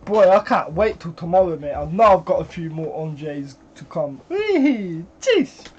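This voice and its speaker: A British man reacting to music in casual commentary, excitable and exclaiming, with frequent swearing. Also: on the high side, normal speed, breathy edge, dull audio.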